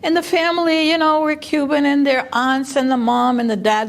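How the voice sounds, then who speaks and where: Gravelly-voiced Cuban-born woman storyteller. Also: high voice. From Cuba. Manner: lively, conversational, quick bursts with fillers. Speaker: co-director of a family arts program. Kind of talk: personal storytelling to camera.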